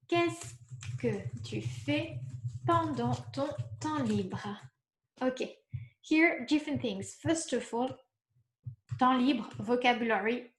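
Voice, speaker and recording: A woman teaching a beginners' lesson, explaining slowly step by step and checking in with the class. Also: fairly high pitch, echoey room. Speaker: French teacher. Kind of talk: recorded online lesson.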